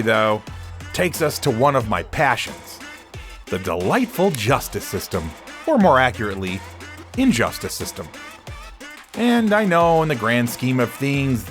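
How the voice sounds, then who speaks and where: A man's voice: mid-range voice, fairly bright tone. A man, the podcast host and rideshare driver, reacting to riders and adding wry commentary. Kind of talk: casual chat and scripted narration. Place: driver's seat of a car.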